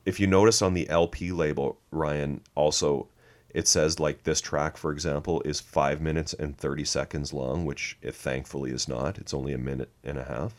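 A man's voice: very deep voice, fairly even intonation, moderate pace. A man co-hosting a music podcast, walking through a record track by track in casual chat, dry and sarcastic with frequent laughs. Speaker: podcast co-host.

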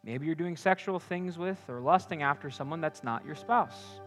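A young man with a high voice preaches earnestly to a campus crowd. He swings between loud punchy lines and soft confiding asides. Faint music plays behind him. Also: moderate pace. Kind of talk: sermon.

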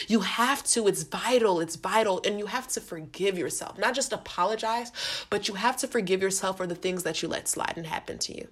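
A podcast host speaks at a medium pitch and a slightly quick pace, her tone fairly bright, as she talks about faith in a casual, earnest way. She uses slang, repeats herself, addresses her listeners directly, and is growing emotional.

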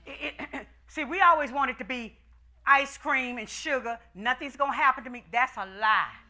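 High, bright-voiced woman preaching. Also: moderate pace. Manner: shouting, call-and-response preaching. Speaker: pastor. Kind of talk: sermon.

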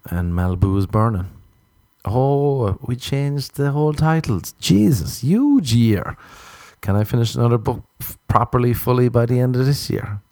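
Male comedian, low voice, dry close sound, loose self-mocking monologue. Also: creaky, a little mellow, dry recording. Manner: rambling, jokey, self-mocking asides. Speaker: comedian and author. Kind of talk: rambling solo monologue.

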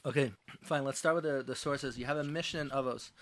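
Rabbi explaining sources in a calm voice. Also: male voice, medium pitch, quick pace. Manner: cites texts, translating Hebrew phrases. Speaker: rabbi guest.

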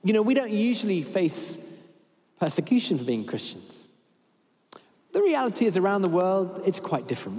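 This is a man preaching in a large church hall, animated and humorous, often acting out little scenes. His voice sits high and swings widely in pitch. Every phrase rings out with a long reverberant tail from the hall. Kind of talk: sermon.

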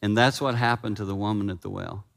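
A man preaching a sermon in a church, animated and emphatic, slowing down for his earnest points. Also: on the low side, creaky. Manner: animated, building to loud emphasis, then slow and earnest. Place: church sanctuary. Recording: long reverb in church hall.

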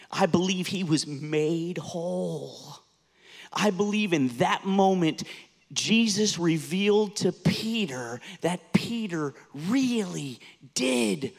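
An American pastor in his fifties preaches with earnest conviction, building to passionate intensity. His voice sits a little high for a man. It rings out in a church sanctuary with a long hall reverb behind every line. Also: vocal fry. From United States. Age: 50s. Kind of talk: sermon.

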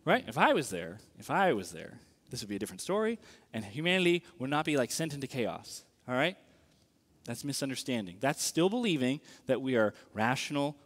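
A man preaching a sermon in a conversational, animated way, often checking in with the audience. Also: medium pitch. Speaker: pastor. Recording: long reverb of a large hall.

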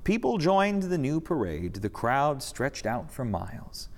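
A man reading a rhyming story aloud during a church service, expressive and sing-song, in a reverberant sanctuary. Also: mid-range voice, measured pace.

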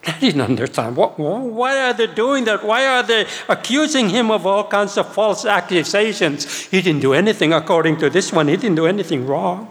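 An older man giving a sermon testimony, telling his story in an animated way and acting out his own past words. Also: high voice, moderate pace, hardly any pauses. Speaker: preacher. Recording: long reverb of a hall.

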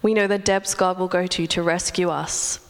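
A young woman preaching a sermon in an earnest, measured way, with reflective pauses. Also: fairly low pitch, fairly even intonation, big-room sound, slight background noise.

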